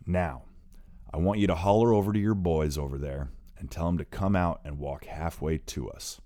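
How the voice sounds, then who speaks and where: A man with a very deep voice playing a menacing armed man who questions his captives calmly in an audiobook. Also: dry recording, clean studio sound. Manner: calm, commanding interrogation.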